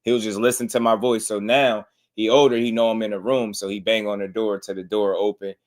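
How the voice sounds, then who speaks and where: A man's voice: on the low side, little pitch movement, a little fast. A man, hosting a casual boxing livestream and chatting loosely with his viewers. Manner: loose and talkative, slangy.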